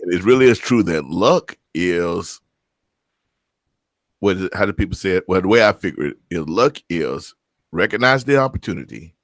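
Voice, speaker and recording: A man hosting a casual chat, reacting with laughter and lively asides. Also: deep voice, normal speed, no echo, clean studio sound. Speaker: host.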